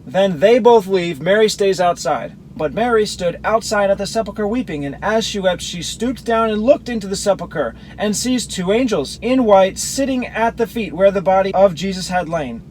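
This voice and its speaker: A man's voice: high voice, lively intonation, moderate pace, few pauses, a little mellow, slight background noise, low-quality recording. A man reading Bible verses aloud and explaining them, comparing the gospel accounts as a teacher. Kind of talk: scripture reading with commentary.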